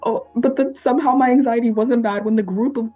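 A woman's voice: a little high, fairly even intonation, a little fast, over music. Giggly teenage girl, dull lo-fi sound. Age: teens. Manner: giggly, chatty, acts out quotes. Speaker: podcast co-host. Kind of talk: casual chat, storytelling.

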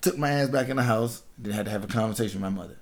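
A man's voice: lowish voice, racing, crowd noise. A man in his thirties from Washington, D.C., a podcast host, tells a story in casual chat, swearing freely, laughing, and acting out the people in it. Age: 30s. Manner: profane, laughing, animated storyteller.

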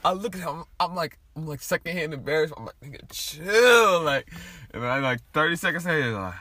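A young man chatting casually, telling a profane, animated story with big bursts of laughter. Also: a little high, quick pace. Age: young adult.

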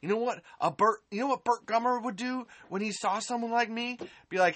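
Fairly high-pitched and a bit bright, this woman speaks fairly quickly as she hosts a live-stream podcast. She's furious and sarcastic, cursing a lot and hammering points home by repeating them.

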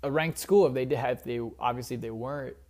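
A man's voice: mid-range voice, fast, darkish tone. A young man giving casual, opinionated solo sports talk as a commentator, rambling with frequent fillers.

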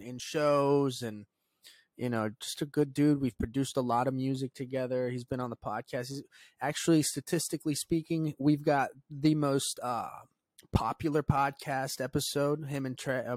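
Profane, rambling male podcast host. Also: dry recording. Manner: loose and profane, drops to a low mutter when quoting his own thoughts. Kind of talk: casual solo podcast storytelling.

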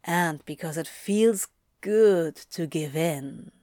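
A cheeky grown male demon, as a woman reader puts him on, sly and coarse-mouthed, drawling his teasing lines slowly. The voice sits close and dry, with no room around it. It reads like a storybook character, playful and smug. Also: low voice, mellow, dry recording. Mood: purring. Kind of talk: audiobook reading of fan fiction.

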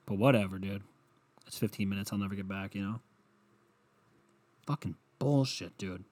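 A man's voice: lowish voice, moderate pace, darkish tone. A young adult man rambling and ranting at home, sarcastic and full of swearing, in a solo comedic monologue.

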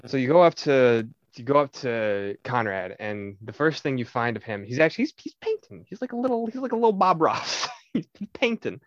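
Animated swearing young man telling a story. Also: mid-range voice, brisk, dry recording. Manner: animated storytelling, swears a lot, acts out quotes. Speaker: podcast co-host. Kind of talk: casual chat. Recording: slightly dull, dry recording.

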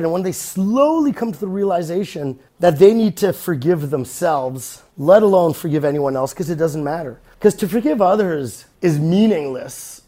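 Casual podcast host, male, high-voiced, swears freely, acts out quick mock voices. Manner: blunt, profane, animated, slips into mock voices.

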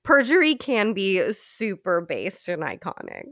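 A woman's voice: medium pitch, wildly swooping pitch, measured pace, fairly bright tone, dry recording, studio quality. A woman co-hosting a podcast, reacting with giggles and ironic slang in casual chat. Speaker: podcast co-host.

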